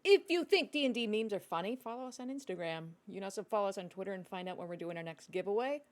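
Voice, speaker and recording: A woman's voice: mid-range voice, animated, fast. A woman hosting a tabletop game stream from her home office, chatting casually over a video call and joking.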